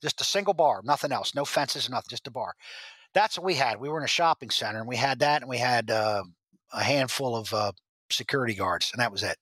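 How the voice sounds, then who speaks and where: A man as the podcast guest, telling rambling stories with halting restarts. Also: medium pitch, a bit bright, slightly rough, dry recording. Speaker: guest, former drug agent. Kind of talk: storytelling interview.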